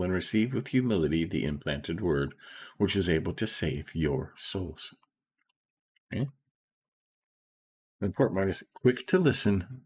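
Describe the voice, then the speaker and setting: Soft-spoken low husky male Bible teacher. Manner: soft-spoken, keeps checking in with "okay?" and "right?"; slows right down to stress key phrases. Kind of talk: informal scripture reading and commentary.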